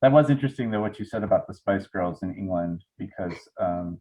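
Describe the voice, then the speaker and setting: A man's voice: deep voice, fairly quick, mellow. A man hosting a casual interview, asking rambling, hesitant questions. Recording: dull lo-fi audio.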